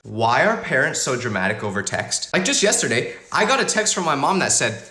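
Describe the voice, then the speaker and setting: A man's voice: mid-range voice, a little fast. A young man telling funny personal stories in a comedic, exaggerated way, acting out the people he quotes. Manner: animated, exaggerated outbursts and voiced quotes. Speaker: storytelling creator. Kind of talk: comedic storytelling.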